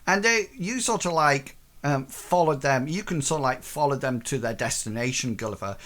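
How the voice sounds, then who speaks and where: A game master narrates a tabletop game at a middle pitch. The narration is hesitant and full of fillers. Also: expressive, normal speed, fairly bright tone.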